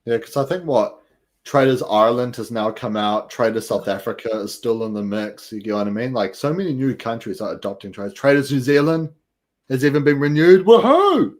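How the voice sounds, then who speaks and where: Male host, lowish voice, chatty and rambling, lots of "you know". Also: brisk. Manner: upbeat, rambling with many fillers. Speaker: podcast host. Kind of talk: casual chat.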